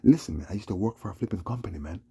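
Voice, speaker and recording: A man telling a long, rambling story, agitated and repeating himself, with a gravelly voice. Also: low voice, lively intonation, racing, mellow. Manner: rambling, agitated, repeats "you know what I'm saying". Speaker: vlogger. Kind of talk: casual storytelling monologue.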